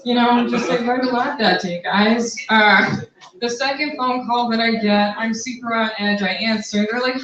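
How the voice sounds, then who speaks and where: A woman's voice: a little high, steady tone, moderate pace, a bit bright. Young woman doing crude standup, far off mic in an echoey bar, muffled sound, crowd laughing. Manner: brash, crude, conversational punchlines. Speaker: stand-up comic. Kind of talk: stand-up set. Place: basement bar stage. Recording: roomy, distant, dull, crowd laughter.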